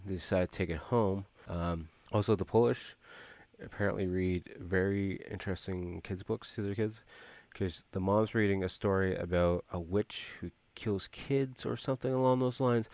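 A man's voice: low voice, a little mellow, no room sound. A man casually recapping a movie plot, rambling with frequent filler words and restarts.

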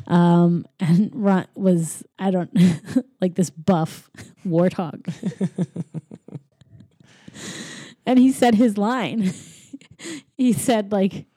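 A woman co-hosting a podcast, casually retelling a movie plot with giggles and quick acted-out lines. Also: medium pitch, warm tone, no room sound, clean studio sound. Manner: rambling, giggly, acts out lines in quick voices. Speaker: podcast co-host. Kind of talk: casual chat recapping a movie.

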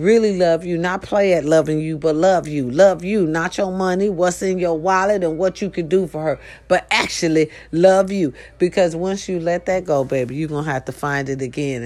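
A morning show host speaks to her followers in a low-leaning early morning voice. Her talk is casual but blunt and preachy, peppered with profanity and call-and-response lines.

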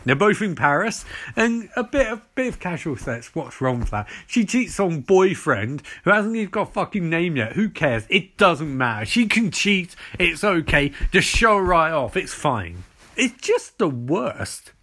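A man's voice: on the high side, big pitch swings, unhurried, fairly bright tone. A man ranting through a sarcastic, profane recap of a TV show. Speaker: TV reviewer.

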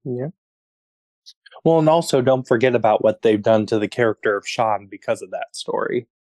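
Brief: male podcast host, relaxed, chatty, dry close sound. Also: medium pitch, normal speed, no room sound. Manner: relaxed, chatty, laughs often. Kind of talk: casual podcast chat.

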